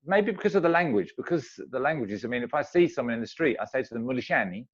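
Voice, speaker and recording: A man's voice: mid-range voice, expressive, quick pace, dull audio. A man, a guest on a video call, chatting casually and acting out little everyday exchanges. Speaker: interview guest. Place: home in Zambia.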